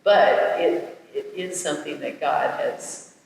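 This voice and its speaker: A man with a slightly raised voice speaks earnestly and haltingly about his marriage. He is far from the mic in a very echoey room with a long reverb tail. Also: fairly high pitch, vocal fry, a little hiss or hum. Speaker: married discussion participant. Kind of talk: casual Bible discussion.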